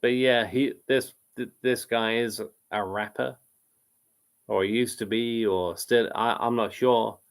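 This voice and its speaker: Rambling chatty man, gravelly voice. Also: medium pitch, fairly even intonation, slow. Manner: rambling, self-interrupting, laughs often. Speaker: live quiz host reading chat comments. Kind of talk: casual live-stream chat.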